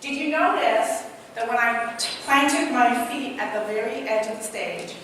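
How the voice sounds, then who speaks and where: A woman from Trinidad giving an interactive workshop talk, animated and quizzing her audience. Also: a little high, normal speed. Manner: animated, asks the audience many questions. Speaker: speaker and trainer. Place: large hall. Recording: echoey hall from far off, noisy.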